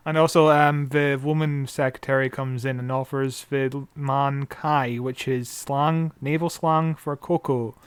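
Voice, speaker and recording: A man's voice: mid-range voice, steady tone, measured pace, few pauses, clean tone, dry recording. A man co-hosting a podcast in casual chat, often laughing and making jokey critiques. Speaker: podcast co-host.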